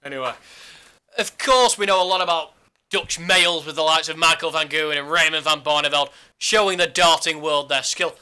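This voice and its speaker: A man's voice: a little high, brisk, pushed and bright, clear, resonant tone. A man co-hosting a casual sports podcast, teasing his partner in jokey banter. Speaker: podcast co-host.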